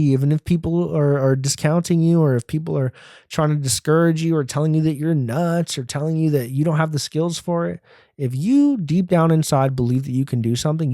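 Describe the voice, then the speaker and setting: A man's voice: on the high side, mellow, dry recording, clean studio sound. Profane, rambling male comedian. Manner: profane, rambling, self-mocking. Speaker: comedian and podcast host. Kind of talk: casual solo comedy rant.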